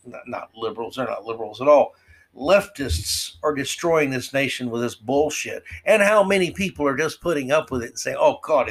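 A man hosting an opinion podcast monologue, sarcastic and mocking, drawing some words out slowly and rushing through quick asides. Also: mid-range voice. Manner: swings between slow drawl and quick asides. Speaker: podcast host.

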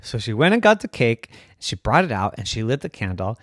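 A parent improvising a bedtime story, telling it in an animated way with sighs and small restarts. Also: mid-range voice, brisk, no room sound, studio quality.

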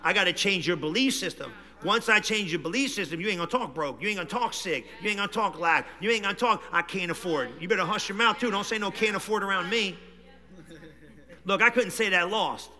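High bright-voiced preaching man, hall echo. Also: brisk. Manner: animated preaching, swings from low talk to shouting. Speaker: pastor. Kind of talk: sermon. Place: church hall.

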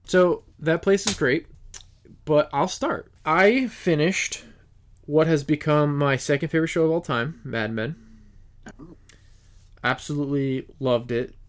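A young man from New Jersey with a New Jersey accent, hosting a casual podcast chat and telling animated stories. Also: mid-range voice, a little slow, long pauses. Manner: animated, laughing storyteller acting out quotes. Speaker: podcast host.

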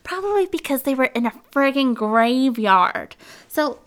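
A woman's voice: high-pitched, measured pace. Chatty woman telling a true crime story. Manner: chatty and animated, acts out quotes, frequent ums and likes. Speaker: true crime podcast host. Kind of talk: casual storytelling.

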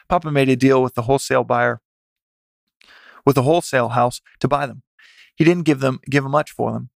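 Guy reading a family history book out loud, gravelly voice, pretty monotone. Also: medium pitch, no room sound. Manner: plain, steady reading with occasional self-corrections. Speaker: narrator. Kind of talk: reading a family memoir aloud.

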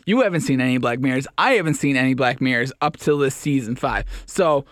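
A man's voice: medium pitch, fairly quick, no room sound. A man co-hosting a podcast in loose, rambling chat. His delivery is playful and jumps around, and the sound is dry and close to the mic. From Chicago area. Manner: rambling, playful, puts on loud yelling voices. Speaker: podcast co-host. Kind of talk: casual chat.

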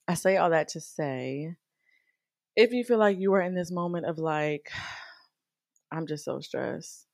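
A woman talking casually to her viewers about faith and stress, chatty and animated, calling the listener girl. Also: low voice, no echo, studio quality. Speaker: faith vlogger. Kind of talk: casual faith talk to camera.

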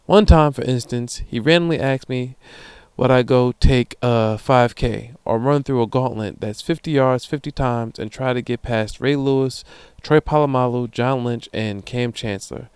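A young man hosts a podcast in a loose, swearing monologue, acting out the people in his stories. His voice is smooth and resonant. It sits close and dry on the mic, with no room sound. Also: medium pitch, normal speed, no echo. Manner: profane, animated storytelling with voiced quotes. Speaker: podcast host. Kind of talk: casual monologue reading listener emails.

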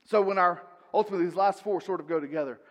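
A man's voice: high-pitched, racing, a bit bright, big-room sound. A man from North Carolina, preaching an earnest, conversational sermon with frequent restarts and self-corrections. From North Carolina, US South.

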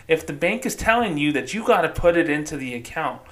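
A man's voice: a little high, lively intonation, brisk, a bit bright. Exasperated, swearing male podcaster. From New Mexico, United States. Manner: profane, exasperated, rambling. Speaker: podcast host. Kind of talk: casual solo podcast rant.

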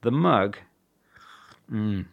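A man from the north of England, hosting a chatty podcast monologue and explaining things in a relaxed, conversational way. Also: on the low side, extremely slow, vocal fry, narrow, tinny audio. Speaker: podcast host.

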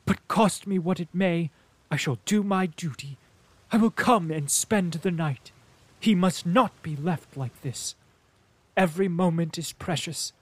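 A man's voice: high-pitched, measured pace, breathy edge, dry recording, pitched above the performer's own voice. Man putting on a tearful scheming princess. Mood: tearful, dutiful. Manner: pleading, tearful, dramatic. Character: anxious scheming aristocratic mother, middle-aged woman. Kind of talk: audiobook character voice.

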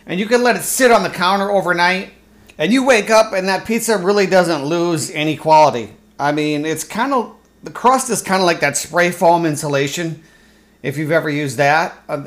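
Sarcastic, profane solo podcast host. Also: mid-range voice. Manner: sarcastic, profane ranting with mock voices; rambling, with fillers and restarts. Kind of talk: solo comedic podcast rant.

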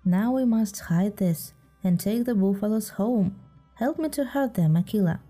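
A woman's voice: mid-range voice, lively intonation, normal speed, mellow, soft background music, lightly acted. A woman voicing a bold, proud boy raised by wolves, lifting her voice a little, in a storybook reading. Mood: calm. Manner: proud, scornful.

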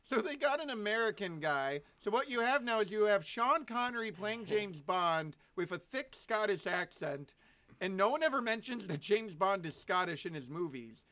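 A man co-hosting a podcast, his voice pitched high and bright. He talks in a loose, joking way and tells animated stories to his co-hosts. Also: normal speed. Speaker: podcast co-host. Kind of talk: casual chat.

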